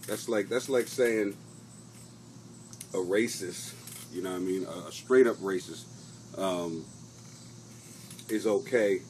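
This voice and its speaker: Deep and darkish, this comedian's voice moves slowly, with frequent pauses and slight background noise. He's on a live stream chatting informally with viewers, telling rambling, profane stories and laughing as he goes.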